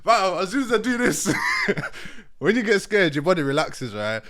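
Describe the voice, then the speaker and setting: A man's voice: sits high, sing-song, moderate pace, fairly bright tone. A young man casually telling a funny story, laughing often and acting out his own thoughts.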